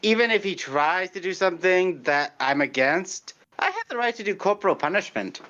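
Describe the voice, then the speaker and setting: A man playing in a tabletop game, talking deadpan and bossy. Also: high voice, moderate pace, dull audio. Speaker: player.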